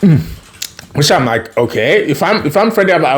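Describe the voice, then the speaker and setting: Man with a slightly high voice, chatty and loose, recapping a show. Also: very animated, normal speed. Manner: chatty, laughs often, acts out quotes. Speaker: TV episode recapper. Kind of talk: casual episode recap.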